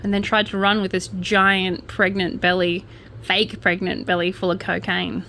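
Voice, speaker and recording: A woman's voice: fairly low pitch, little pitch movement, normal speed, gravelly, bright, forceful tone, slight background noise. Chatty Australian woman reading crime news. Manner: chatty, wry asides and self-corrections. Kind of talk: casual commentary reading out news stories.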